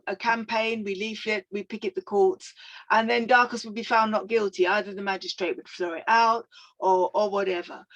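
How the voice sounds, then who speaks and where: An older woman telling a personal story as a guest speaker, reflective and animated, with frequent fillers. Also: mid-range voice, low-quality recording.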